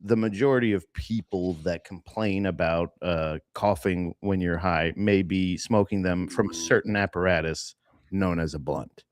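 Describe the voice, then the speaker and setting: A man's voice: low-pitched, normal speed. A man co-hosting a casual comedy podcast, laughing often and acting out other people's voices. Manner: laughing, acts out quoted voices. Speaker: podcast co-host.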